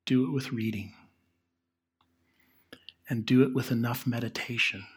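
Male pastor, relaxed conversational preaching, slightly husky tone, leans quiet for emphasis. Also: mid-range voice, measured pace. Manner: conversational, drops to a soft hush on key lines. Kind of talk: sermon.

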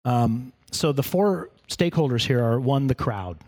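A man's voice: mid-range voice, animated, a little slow, darkish tone. A man preaching in a church in a conversational sermon, with humorous asides to the congregation. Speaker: pastor.

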